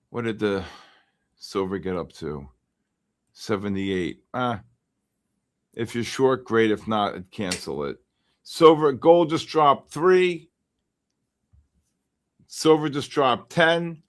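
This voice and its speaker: A man's voice: medium pitch, animated, slow, pauses often. Chatty male trading-stream host. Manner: chatty, calls out viewers by name and coaches them. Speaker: futures trading livestream host. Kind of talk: live trading commentary.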